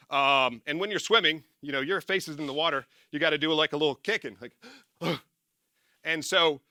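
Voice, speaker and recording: A man talks an audience through a tough training drill in a loose, energetic way, stumbling and correcting himself as he goes. His voice is very bright and a little high for a man. The sound is close and dry. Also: brisk, no room sound. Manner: energetic, rambling, self-correcting, laughs at himself. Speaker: former military speaker and success coach. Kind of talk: casual motivational talk to an audience.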